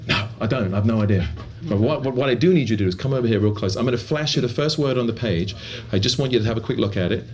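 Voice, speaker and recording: A man works through a book test as a magician, coaching volunteers with brisk, coaxing patter. He talks quickly. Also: medium pitch. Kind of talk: performing a book test for a crowd.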